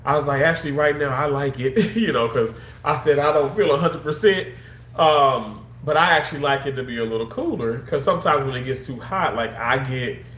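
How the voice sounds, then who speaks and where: A man's voice: mid-range voice, brisk, a bit bright, echoey room. A man talking straight to his viewers on a casual livestream, rambling and repeating himself, a little under the weather. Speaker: livestream host.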